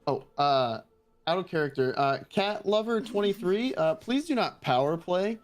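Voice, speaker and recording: A man's voice: sits high, expressive, moderate pace. A man, a guest reader, reading a fan roleplay aloud with many hesitations. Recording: faint music behind.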